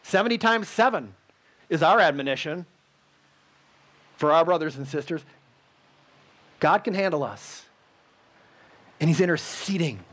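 A man preaching a sermon in an earnest, repetitive cadence with pauses, then leading a prayer. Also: a little high, expressive, a bit bright. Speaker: pastor.

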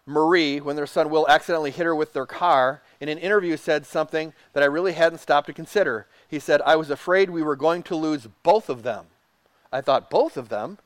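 A man preaching a sermon, reading quotes aloud and dropping to a soft hush for tender passages. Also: a little high, clear, resonant tone, dry recording. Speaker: pastor.

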